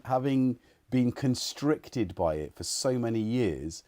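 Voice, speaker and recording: A man's voice: medium pitch, lively intonation, takes it slowly, mellow, no room sound. A man hosting a casual home livestream, rambling and chuckling as he chats to viewers and his cats. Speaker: livestream host. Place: living room at home.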